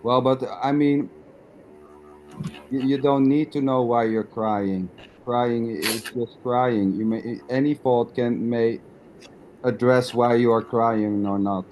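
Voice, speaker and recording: A man's voice: mid-range voice, fairly even intonation, slow pace, darkish tone, lo-fi sound, a little hiss or hum. A man on a video call guiding a spiritual dialogue, patient and reasoning, often stumbling on his first words. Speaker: nondual teacher.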